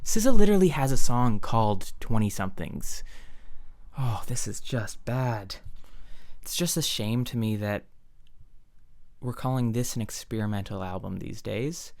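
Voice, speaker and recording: A man's voice: lowish voice, expressive, normal speed, gravelly, a little mellow, dry recording. Sarcastic young man ranting, dry sound. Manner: sarcastic and blunt, with many fillers. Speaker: music reviewer. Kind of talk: casual rant.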